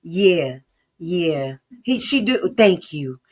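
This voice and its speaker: A woman streamer with reacts in heated, sarcastic bursts. She curses freely and drops from loud outbursts to low mutters. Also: lively intonation, very slow. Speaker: live-stream commentator. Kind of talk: profane reaction commentary.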